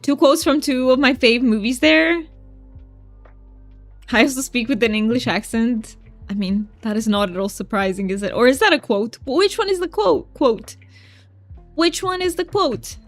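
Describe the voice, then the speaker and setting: Speaking at normal speed in a slightly high voice, a woman chats casually with viewers during a cozy game stream and reads their messages aloud. The recording has no echo, soft background music plays, and her manner is chatty and giggly.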